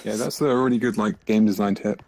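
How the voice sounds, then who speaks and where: A man co-hosting a casual live stream, adding short relaxed comments and laughing easily. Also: on the low side, fast, dry recording. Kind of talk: casual chat.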